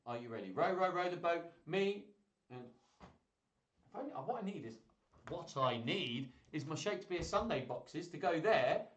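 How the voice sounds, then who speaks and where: A man's voice: a little high, reverberant. A man hosting a live-streamed children's music show. He chats playfully with toys and viewers between songs. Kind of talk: live-streamed kids' singalong chat.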